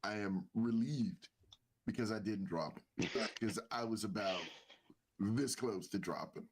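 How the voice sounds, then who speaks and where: A man's voice: fairly low pitch, a little slow, slight background noise. A man co-hosting a casual sports talk show, talking with a nasal voice, repeating himself and using lots of fillers. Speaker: podcast co-host.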